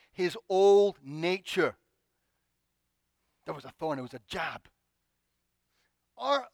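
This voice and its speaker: A man preaching a sermon, acting out pleading prayers with expressive, dramatic delivery. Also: on the high side, dry recording.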